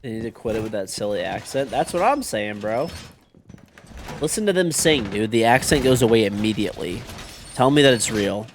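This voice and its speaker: Male game streamer, lower voice, blunt profane banter. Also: animated, brisk, a little hiss or hum. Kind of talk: casual live gaming commentary.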